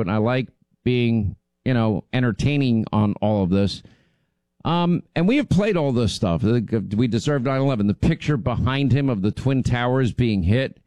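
Man, talk radio host, emphatic and indignant, mid-pitched, dry close mic. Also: a little mellow, no room sound. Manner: indignant, emphatic, repeats himself.

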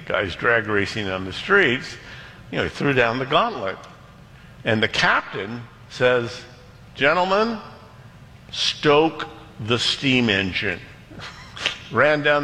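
A man preaching a sermon, telling a story with lively voices for the characters. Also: medium pitch, long reverb tail, rough recording. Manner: animated, voicing characters in anecdotes. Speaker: pastor.

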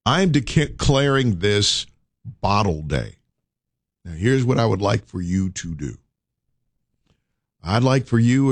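On a morning radio talk show, a male host with a lowish voice urges listeners on using preacher-like repetition. The audio has no echo.

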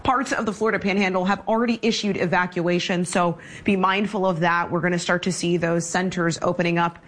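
A woman's voice: on the low side, fairly even intonation, a little fast, a bit bright. A woman meteorologist filing a hurricane warning report for the news, in an urgent, advisory tone.

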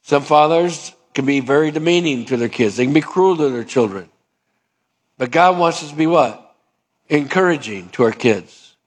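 Middle-aged male pastor, sermon delivery, emphatic, slightly higher voice, acts out dialogues. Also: lively intonation, normal speed. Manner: emphatic preaching, acts out dialogues with shifting pitch.

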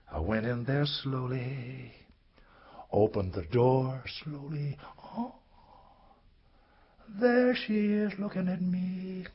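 A man telling a poetic spoken-word story in a sing-song way, swinging from soaring highs to hushed lows, heard on a dull lo-fi recording. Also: breathy edge.

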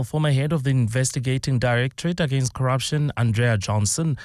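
A man's voice: medium pitch, no room sound. Formal male news anchor, dry studio sound. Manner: steady formal delivery. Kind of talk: scripted news reading.

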